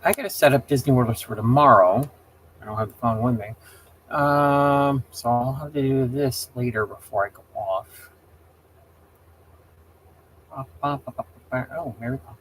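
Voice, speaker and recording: A man's voice: mid-range voice, normal speed, long pauses, fairly bright tone, a little hiss or hum. Rambling, heated male livestream host. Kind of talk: casual livestream chat.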